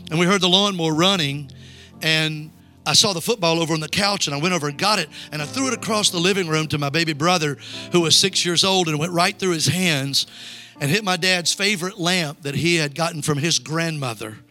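A man's voice: on the high side, fairly quick, sharp tone, soft background music. A male evangelist preaching a revival sermon in a church, urging the congregation to call back lines. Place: church sanctuary.

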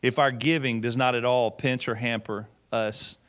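A man's voice: mid-range voice, steady tone, moderate pace, fairly bright tone. A middle-aged man, a pastor, telling a story in a sermon in a folksy way, acting out quotes and often repeating words. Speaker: pastor and former missionary.

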